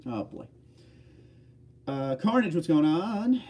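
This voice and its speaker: A man's voice: on the high side, expressive, measured pace, warm tone, distant mic. A man from the northeastern United States hosting a casual livestream, chatty and reading viewer comments aloud. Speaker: livestream host.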